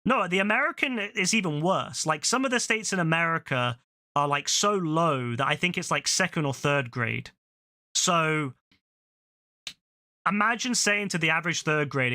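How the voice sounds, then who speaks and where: Young man, British accent, fairly high voice, casual profane rant, streamer. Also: animated, moderate pace, no room sound, studio quality. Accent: British English. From England. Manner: ranting, swears often, laughs loudly. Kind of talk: casual gaming stream chat.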